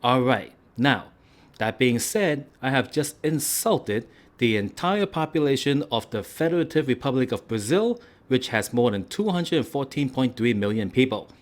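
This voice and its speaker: A man's voice: mid-range voice, animated, normal speed. A man hosting a food and travel vlog, joking and rambling in a casual way with lots of "right?". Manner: playful, rambling, tag questions like "right?".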